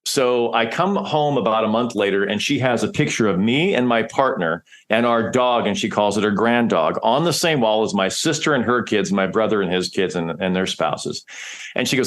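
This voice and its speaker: A man's voice: lowish voice, animated, normal speed, a bit bright. Candid, emotional man telling his story. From Nebraska, United States. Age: middle-aged. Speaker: guest. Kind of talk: personal storytelling in an interview.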